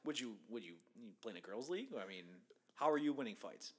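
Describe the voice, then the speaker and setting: A man's voice: medium pitch, expressive, fast. A man co-hosting a casual chat who laughs a lot and teases his co-host. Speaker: podcast co-host.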